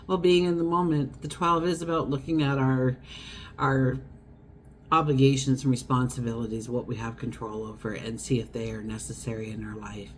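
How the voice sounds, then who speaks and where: Speaking in a rumbling low voice over a slight hiss or hum, a woman gives a casual tarot horoscope reading. She's chatty and wanders off topic, acting out everyday scenes as she goes.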